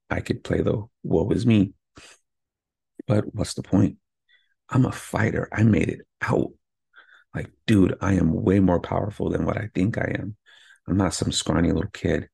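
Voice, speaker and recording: Male podcaster, a father, gravelly low voice with a husky edge, close dry mic, motivational and candid. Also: a little mellow, no echo. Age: adult with kids. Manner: candid, pumped-up self-talk with frequent "right?". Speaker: podcast host.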